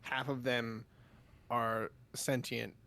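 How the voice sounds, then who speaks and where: A man with a gravelly, fry-tinged voice at an average pitch talks in a loose, rambling way. He laughs easily while he chats on a home podcast. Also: flat delivery, takes it slowly, bright, forceful tone. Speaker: podcast co-host. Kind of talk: casual chat. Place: home room.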